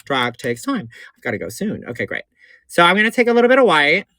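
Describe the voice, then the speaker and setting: A man's voice: high voice, wildly swooping pitch, racing, bright, forceful tone, no room sound. A man who performs in drag, giving a campy, chatty makeup tutorial on a livestream and calling his viewers honey and baby. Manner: gushing and repetitive.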